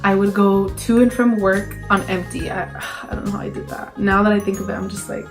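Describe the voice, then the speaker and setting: A young woman tells a story in a casual, rambling way, full of fillers and um's. She acts out her own panicked lines as she goes. Faint music plays softly under her voice. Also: medium pitch, fairly even intonation, fairly quick. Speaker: vlogger.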